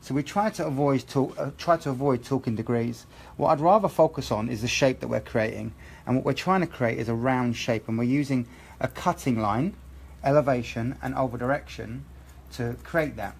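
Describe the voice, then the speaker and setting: A man's voice: mid-range voice, moderate pace, vocal fry, a little mellow, breathy edge. A man with a British accent, a hair educator explaining a live haircut demonstration step by step. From England. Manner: explains steps methodically, asks okay?.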